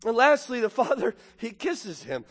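A man preaching a sermon, swinging from booming exclamations to hushed, intimate asides. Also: big pitch swings, normal speed, in a large hall. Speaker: pastor.

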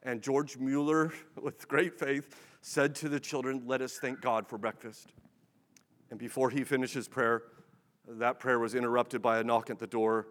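A man's voice: medium pitch, little pitch movement, normal speed, in a large hall. A man preaching a sermon in a conversational, humorous way, acting out bits of dialogue.

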